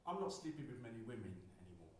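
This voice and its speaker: A man's voice: medium pitch, very animated, quick pace, a little hiss or hum. A young British man from the UK performing spoken word poetry at a live poetry night, rhythmic and dryly humorous. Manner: rhythmic, dry humor, shifting emphasis. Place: live poetry night, roomy indoor venue. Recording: very echoey room, mic far off.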